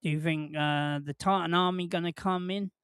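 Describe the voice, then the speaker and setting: A host on a live watch-along stream rambles and jokes casually, laughing often and putting questions to the chat. Their mid-range voice is clear, resonant and fairly bright, with fairly even intonation at normal speed, in clean studio sound with no room echo.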